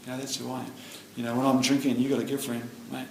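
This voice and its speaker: A man's voice: medium pitch, flat delivery, fast, vocal fry, darkish tone, slight background noise. A middle-aged man giving a rambling, earnest personal share at a recovery meeting, leaning on "you know" throughout. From New Zealand. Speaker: AA meeting speaker. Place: meeting room. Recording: roomy meeting hall with faint ambience.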